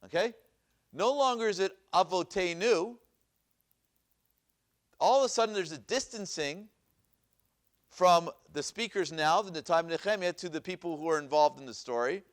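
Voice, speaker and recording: A man's voice: sits high, moderate pace, long pauses. Rabbi lecturing, quizzing his class. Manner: asks questions and repeats them, reads Hebrew verses aloud. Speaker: rabbi teaching a Bible class. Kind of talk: classroom lecture with questions to the audience. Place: synagogue classroom.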